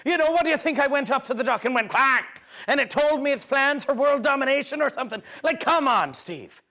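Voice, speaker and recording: A young man playing a rambling, excitable fisherman in a student comedy news skit, full of fillers and chuckles. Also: extremely high pitch, full character voice. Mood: excited. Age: young adult. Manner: hesitant, full of fillers, chuckling, quick to get worked up. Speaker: interviewee.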